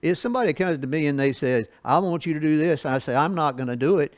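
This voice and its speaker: A man teaching a Bible study lesson, reading scripture slowly and explaining it in a folksy way with asides and chuckles. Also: a little high, expressive, dry recording.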